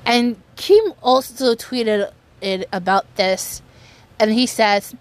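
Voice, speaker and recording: A woman speaks in a somewhat high voice, unhurried and deliberate. Her casual commentary is earnest and halting, with many restarted sentences. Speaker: commentary vlogger. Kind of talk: casual commentary on online news.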